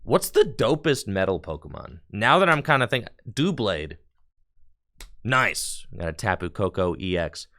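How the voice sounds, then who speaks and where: A man's voice: on the low side, sing-song, a little slow, fairly bright tone. A man chatting casually on a live stream while opening card packs, talking in a chatty, slangy way with bursts of enthusiasm.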